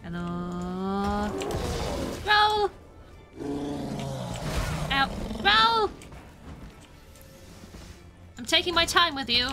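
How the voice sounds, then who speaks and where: A British woman streaming a video game, chatting playfully with viewers and cheering herself on through fights. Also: a little high. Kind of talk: casual gameplay commentary.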